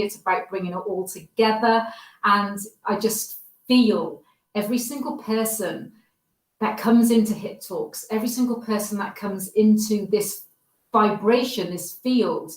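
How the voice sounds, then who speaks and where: A woman's voice: mid-range voice, darkish tone, far from the mic. A woman hosting a livestream who introduces the next speaker with effusive, affectionate praise. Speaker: livestream host. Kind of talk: enthusiastic introduction. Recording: roomy sound, away from the mic.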